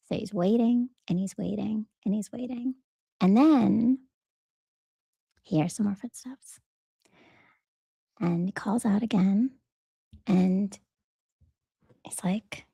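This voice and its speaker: A woman hosts her own show in a personal, reflective monologue. Her voice is mellow and husky with a gravelly edge. The sound is dry and close. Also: medium pitch, measured pace, no echo. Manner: earnest, conversational, storytelling with quoted voices. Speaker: podcast host.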